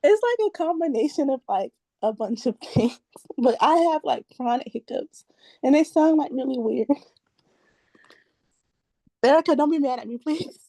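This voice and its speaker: Over a video call at an open mic, a woman performs spoken word poetry, turning giggly between pieces and measured when she recites. Her high-pitched voice is expressive and mellow, with no echo.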